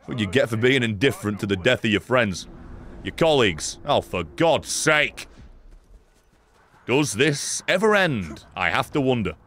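A man streaming a game, giving excitable live commentary, swearing, laughing and yelling at the screen. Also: medium pitch, unhurried. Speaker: gaming streamer.

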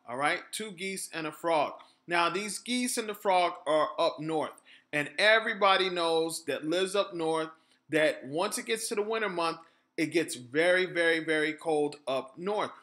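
Man, motivational coach, high bright voice, upbeat, enthusiastic storyteller, talks right to listeners. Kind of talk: spoken storytelling with a moral.

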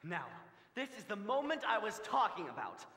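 A man's voice: sits high, very animated, moderate pace, pushed and bright, full character voice. A young man playing a chatty, wistful narrator on a school stage, musing in confiding asides to the audience. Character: wistful, chatty middle-aged male theater fan narrator. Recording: echoey stage hall with faint room noise.

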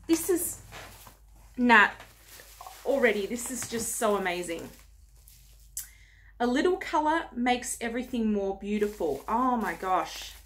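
A woman's voice: on the high side, animated, a little slow, pauses often, a bit bright, a little hiss or hum. A young woman unboxing gifts for her vlog, gushing, gasping and squealing with delight. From Australia. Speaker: beauty vlogger.

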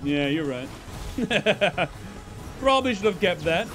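A young man streaming a video game, chatting casually and excitably, swearing and laughing as he plays. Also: high voice, slow pace, soft background music. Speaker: gaming streamer. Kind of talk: live gameplay commentary.

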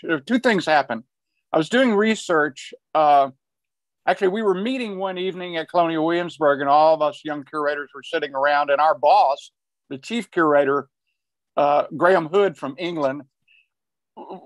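A man's voice: a little high, dry recording. An older man from Arkansas, telling a long story on a video call panel, rambling and restarting his sentences. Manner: rambling, restarts often, chuckles while telling. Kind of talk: conversational storytelling.

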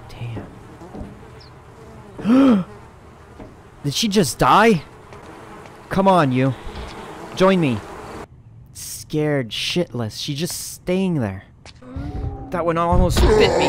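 A man giving sweary, animated let's-play commentary as a gaming YouTuber, laughing often. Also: a little high, drawn-out words, long pauses, a little hiss or hum.

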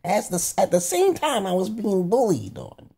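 A man's voice: high voice, huge pitch swings, normal speed, vocal fry, warm tone, slightly rough. A man talking in a profane, rambling monologue, cursing heavily and breaking into laughing asides. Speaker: vlogger.

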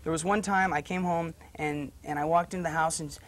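A man's voice: fairly high pitch, fairly even intonation, a little fast. A young man, an actor guest on a talk show, chatting in an easygoing, upbeat way and telling stories. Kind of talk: casual interview chat.

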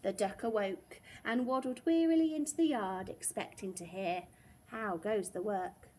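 A woman teacher reading a picture book aloud to young children in a gentle, expressive storytelling way. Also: mid-range voice, moderate pace, slight background noise.

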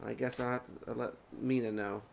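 A man's voice: medium pitch, level tone, quick pace, creaky, slight background noise. A man streaming a video game live, chatting casually in a crude, joking way and swearing often.

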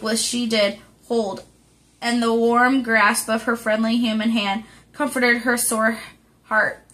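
A woman reading a classic novel aloud as an audiobook, careful and measured with small slips. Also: on the high side, a bit bright, poor audio. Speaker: audiobook reader.

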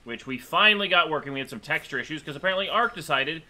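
Man, host of a gaming session, slightly high and very bright voice, punny and chatty. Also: lively intonation, fast talker. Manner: jokey, tells puns, explains game setup. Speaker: host of a multiplayer game session. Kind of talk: casual gaming chat.

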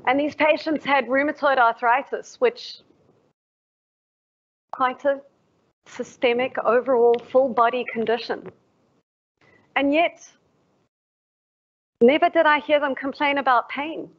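Woman prof lecturing, kinda high voice, dull lo-fi stream audio. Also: measured pace, long pauses. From South Africa. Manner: reflective, asks the audience questions. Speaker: professor giving a lecture. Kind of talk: formal public lecture.

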